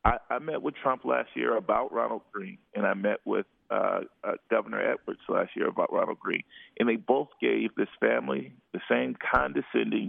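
Gravelly man on a phone line. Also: lowish voice, normal speed, no echo. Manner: earnest, stumbling restarts. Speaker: attorney guest. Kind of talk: phone interview. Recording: dry tinny phone line.

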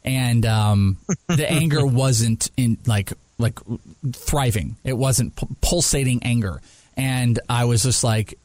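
A man's voice: slow pace, dry recording. A man hosting a sports talk podcast, telling stories in casual banter, acting out quotes in a raised voice and laughing often. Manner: animated storyteller, acts out quotes in a high voice, laughs often. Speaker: podcast and radio host.

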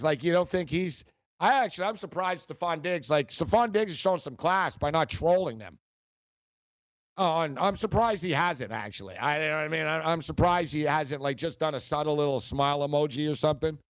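A man's voice: a little high, moderate pace, dry recording. Ranting sports talk guy, dry dull sound. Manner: heated, mocking, repeats himself.

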